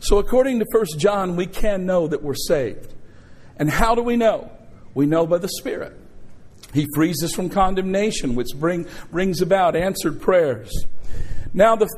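A man's voice: high-pitched, a little mellow. A middle-aged male pastor preaching a sermon, telling a story and calling out to his congregation. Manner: call-and-response preaching, storytelling.

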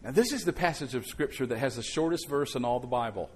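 A middle-aged male pastor preaching a conversational sermon, swinging between quiet reflection and sudden loud outbursts. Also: mid-range voice, quick pace, breathy edge.

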